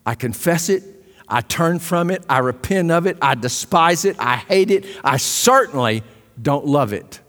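A man preaching a sermon as pastor, impassioned, swinging between loud emphasis and hushed asides. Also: fairly high pitch, expressive, a little slow. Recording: long hall reverb.

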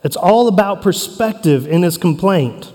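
A man preaching a sermon as pastor, earnest and emphatic, with dramatic pauses between phrases. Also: high-pitched, animated, warm tone. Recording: long reverb of a hall.

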